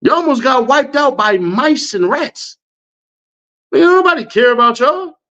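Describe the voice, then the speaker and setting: A man with a high, lively voice that swings all over the place. He rants in slangy bursts and laughs often. The audio is dull and lo-fi. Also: unhurried. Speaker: online commentator. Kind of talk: reacting to viewer comments.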